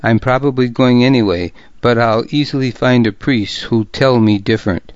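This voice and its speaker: A man's voice: medium pitch, normal speed, no room sound, muffled recording, close to an everyday voice. A man doing a wry Irish warrior. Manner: dry, easygoing humor. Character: wry older male Irish warrior, joking.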